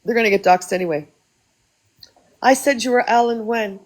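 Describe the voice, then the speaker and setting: A woman's voice: fairly high pitch, moderate pace, low-quality recording. A Canadian woman hosting a phone livestream, ranting in an angry, profane and cutting way. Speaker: livestream host. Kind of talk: casual livestream rant.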